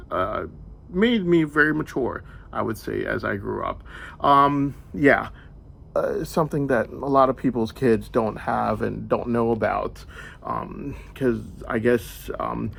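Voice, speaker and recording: A young man from the United States speaks in a rambling personal monologue. His middle-pitched voice has a gravelly, creaky edge. He drifts from point to point, peppering his story with "like.". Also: a bit bright. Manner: meandering storytelling, heavy use of "like".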